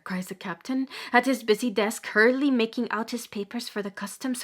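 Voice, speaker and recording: A woman giving a dramatic reading of a sermon, swinging from loud emphasis to hushed whispers. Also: mid-range voice, steady tone, brisk, few pauses. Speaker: reader.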